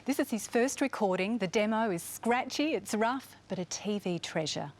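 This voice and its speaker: A woman narrating a television documentary in a measured, polished scripted delivery. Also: medium pitch, animated.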